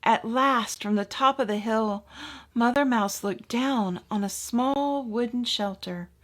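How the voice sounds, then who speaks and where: A woman minister reading a children's story aloud to her congregation with expressive, gentle delivery. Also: on the high side, slow pace.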